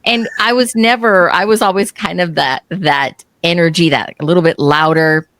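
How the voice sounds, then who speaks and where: Dry-voiced, lively storytelling woman host. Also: on the low side, moderate pace, dry recording. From Texas. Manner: animated storyteller acting out quotes. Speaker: podcast host. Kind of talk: casual interview conversation.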